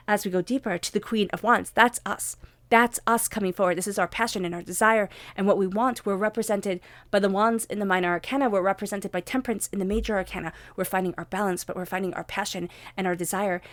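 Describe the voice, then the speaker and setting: A woman reading tarot cards for her audience, talking with passion and repeating phrases for emphasis, then turning soft and hushed for blessings and meditation. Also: mid-range voice, no echo. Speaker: tarot reader.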